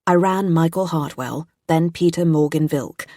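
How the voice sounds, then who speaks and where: A woman reading a mystery audiobook in a tense, steady first-person narration. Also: deep voice, normal speed, no room sound, studio quality.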